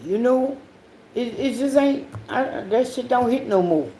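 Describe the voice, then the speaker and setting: A woman hosting her own podcast, telling rambling, profanity-heavy stories in a casual monologue, swinging between loud outbursts and low mutters. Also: measured pace, a little hiss or hum. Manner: profane, rambling storytelling with frequent swearing. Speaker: podcast host.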